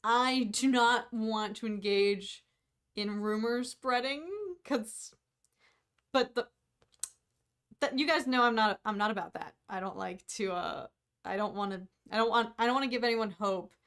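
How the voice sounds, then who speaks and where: A woman's voice: on the high side, a little slow, fairly bright tone, clear, resonant tone. A woman co-hosting a casual livestream chat who talks freely, hedges her guesses and laughs at herself. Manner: chatty, self-deprecating, hedges often. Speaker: co-host of a fan podcast livestream.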